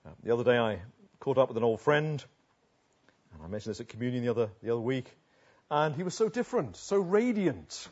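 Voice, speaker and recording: A man preaching a sermon, earnest, swinging between emphatic declamation and quiet, low asides. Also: sing-song, fairly quick, dull audio.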